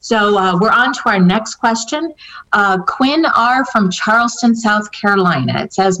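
A woman's voice: medium pitch, animated, a little slow, bright, forceful tone. A woman giving a psychic reading in a casual, hesitant way, full of fillers and restarts as she relays what the spirits tell her. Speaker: psychic medium answering viewer questions. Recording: dull lo-fi recording.

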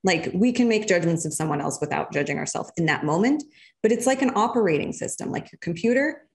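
Reflective woman guest, lower voice. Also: lively intonation, quick pace, darkish tone. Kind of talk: casual interview conversation.

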